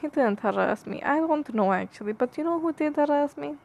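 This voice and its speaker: A woman's voice: high-pitched, animated, fairly quick, creaky, darkish tone. A woman whose first language is Punjabi, hosting a podcast in a rambling comic monologue, speaking in a theatrical put-on foreign accent and drifting into musing. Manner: musing, drifting between jokes and philosophy. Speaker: podcast host.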